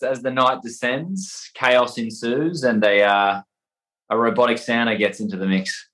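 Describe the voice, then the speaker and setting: Young Australian man, guest actor, hesitant and rambling, mid-pitched, everyday voice. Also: a bit bright, rough recording. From Perth, Western Australia. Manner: rambling, hesitant, many fillers and restarts. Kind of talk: casual interview chat.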